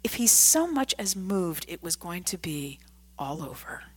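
A woman narrating a story in a scripted reading, hushed and often dropping to a whisper. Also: fairly low pitch, big pitch swings, unhurried, husky.

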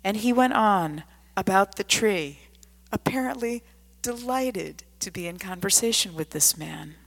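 A woman narrating a story in a scripted reading, hushed and often dropping to a whisper. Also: mid-range voice.

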